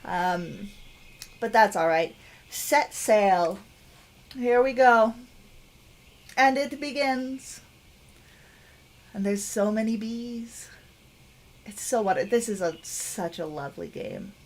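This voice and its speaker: A woman's voice: a little high, animated, slow, pauses often. Chatty, giggly woman commenting on a game. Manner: chatty, giggly, self-deprecating, reads the on-screen text aloud. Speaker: game streamer. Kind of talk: casual gameplay commentary.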